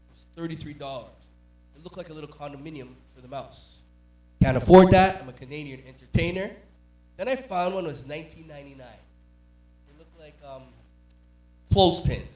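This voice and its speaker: A man from Jamaica doing a stand-up comedy set, telling stories and acting out the people in them. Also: fairly high pitch. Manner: animated storytelling, acts out quotes. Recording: echoey room from far off.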